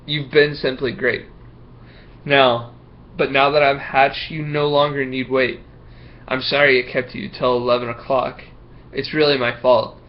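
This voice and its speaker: A man's voice: medium pitch, muffled recording, natural voice. A man doing a stammering, nervous schoolboy. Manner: stammering, hesitant, fillers. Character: young schoolboy, nervous, full of excuses. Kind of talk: reading a picture book aloud.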